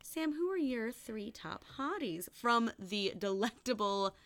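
Giggly, animated woman podcast co-host. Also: fairly high pitch, measured pace, background noise. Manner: giggly, animated, acts out quoted lines. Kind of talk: casual chat.

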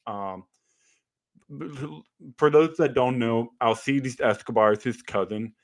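Man telling animated stories, dry sound. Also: medium pitch, measured pace, dry recording. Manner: animated storytelling with fillers and restarts. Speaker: podcast co-host, former ballplayer. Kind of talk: casual chat.

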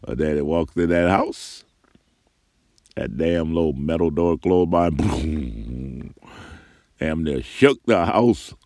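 A man's voice: very deep voice, a little mellow, dry recording, studio quality. An older man telling a rambling, profane story from his own life in a casual spoken way. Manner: rambling, profane, laughs between phrases.

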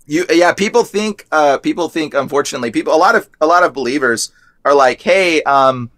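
A young man with a somewhat high voice talks loosely and rambles, packing in "like" between thoughts. The sound is dry and close, with no room around it. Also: fast, a bit bright, no echo. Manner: rambling, heavy use of "like". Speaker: guest. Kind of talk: casual testimony chat.

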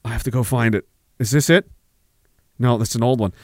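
A man's voice: mid-range voice, a little fast, a little mellow, no room sound, studio quality. A man from Canada hosting a podcast, ranting in sarcastic, profane, taunting political commentary. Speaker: podcast host.

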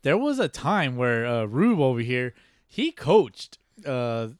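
A man's voice: mid-range voice, sing-song, slow pace, no echo, studio quality. A man hosting a casual podcast, joking, laughing, and throwing in profane interjections. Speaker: podcast host.

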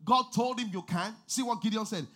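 A man preaching a sermon, reading scripture and building up to shouted, sing-song exhortations. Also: high voice, brisk. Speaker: pastor.

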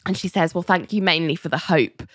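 Lively woman retelling a story. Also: on the low side, fairly quick, no room sound, studio quality. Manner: animated storytelling, quoting characters, laughing often. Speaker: podcast co-host recapping a TV episode. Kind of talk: casual chat.

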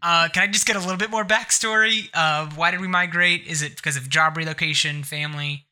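A man's voice: fairly high pitch, steady tone, fast, bright, forceful tone, clean tone. A man co-hosting a podcast, talking casually with lots of fillers. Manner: rambling, filler-heavy, giggly. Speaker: podcast co-host. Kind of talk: casual chat.

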